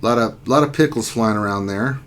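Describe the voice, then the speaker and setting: A man hosting a relaxed lunchtime stream, talking in an easy, joking way. He reads out viewer comments and greets people, his voice sitting in an ordinary middle register. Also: medium pitch, fairly quick, slight background noise. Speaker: livestream host. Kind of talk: casual livestream chat.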